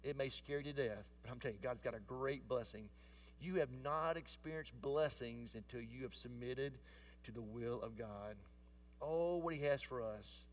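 A man preaching a sermon, rising to emphatic declarations and then dropping to hushed tones. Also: medium pitch, moderate pace, recorded from a distance, slight background noise.

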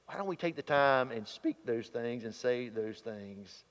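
A man's voice: medium pitch, animated, a little slow. A man preaching a sermon in a folksy, plain-spoken way, reading scripture aloud. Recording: dull sound, long hall reverb.

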